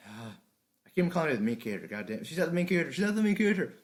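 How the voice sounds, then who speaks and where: A man recording an anime review, shouting lines with energy between low, mumbled, profane asides and retakes. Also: sing-song, quick pace. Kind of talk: unscripted commentary recording with retakes.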